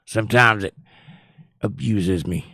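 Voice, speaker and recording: A hoarse man from North Carolina hosting a casual livestream chat, joking and rambling with viewers. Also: on the low side, a little slow, bright, forceful tone, a little hiss or hum. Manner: joking, rambling, does silly voices. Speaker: livestream host.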